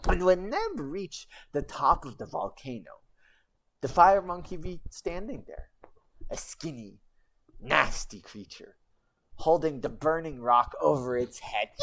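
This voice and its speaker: A woman's voice: low-pitched, animated, measured pace, gravelly, a bit bright. A woman streamer telling a goblin legend in rambling, broken goblin-style grammar, with chatty asides. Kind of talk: casual livestream storytelling.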